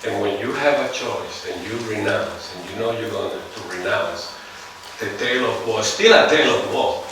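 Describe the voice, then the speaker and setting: A man with a non-native English accent giving a seminar lecture, musing slowly and often putting rhetorical questions to his audience. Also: lowish voice, expressive, noisy background. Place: large lecture hall. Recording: echoey hall, heard from far off.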